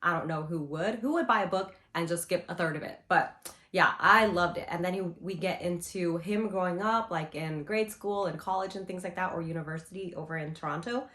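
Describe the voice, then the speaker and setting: Young woman, book vlogger, gushing, chatty, fillers, lowish voice, echoey room. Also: fairly quick, fairly bright tone. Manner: gushing, chatty, lots of "you know" and "like". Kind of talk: casual book review. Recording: roomy echo.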